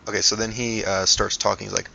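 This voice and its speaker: A man's voice: on the low side, little pitch movement, fast, gravelly, very noisy. A man narrating a tabletop game as game master, rambling with many fillers, on a dull lo-fi recording.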